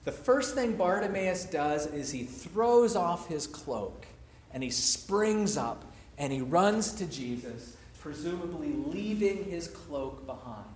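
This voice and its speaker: A man's voice: a little high, lively intonation, takes it slowly, reverberant. A man preaching a sermon, retelling a story and sharing personal reflections in a reflective, storytelling manner.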